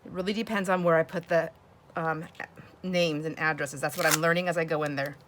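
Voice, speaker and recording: A woman's voice: sits low, fairly even intonation, fairly quick, noisy background. A woman hosting a crafting video, chatting casually and laughing often as she works. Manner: chatty, laughs often, talks to herself while working. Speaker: crafting channel host.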